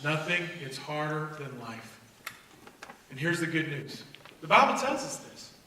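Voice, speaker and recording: A middle-aged man giving an energetic faith talk to young people, with loud bursts and low, intense asides. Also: a little slow, slight background noise. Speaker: speaker at a youth faith event. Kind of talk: energetic motivational talk to students. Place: church hall. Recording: echoey hall recorded from far off.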